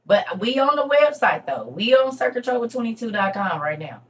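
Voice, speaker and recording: A woman hosting a casual ministry livestream, chatting with viewers and calling them "y'all", going from loud bursts to murmured asides. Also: fairly high pitch, very animated, brisk, muffled recording.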